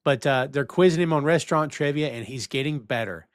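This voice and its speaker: A man's voice: mid-range voice, fairly quick, dry recording, clean studio sound. A man hosting a casual review podcast, recapping scenes and acting out the characters' lines as he goes. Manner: animated recapping, acts out quoted lines. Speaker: podcast host.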